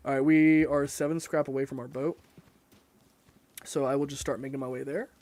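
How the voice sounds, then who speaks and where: A man's voice: mid-range voice, flat delivery, a little fast, darkish tone, no echo. A young man chatting casually and rambling while he streams a game, cursing often and mocking himself. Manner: rambling, profane, self-mocking. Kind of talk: casual live-stream chat while gaming.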